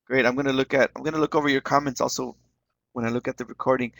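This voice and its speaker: A man's voice: mid-range voice, steady tone, very fast, creaky, a bit bright, no echo. A man leading an online teaching webinar, encouraging the class and repeating words as he explains them. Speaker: webinar instructor.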